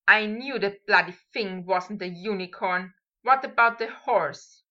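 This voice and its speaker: A woman voicing a proud young male wizard who speaks in curt, sharp retorts, on a dull lo-fi recording. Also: mid-range voice, unhurried.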